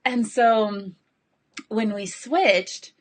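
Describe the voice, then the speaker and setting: Breathless woman coach, excitable and rambling, chatting live to her followers. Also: medium pitch, very slow. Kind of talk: live video chat to followers.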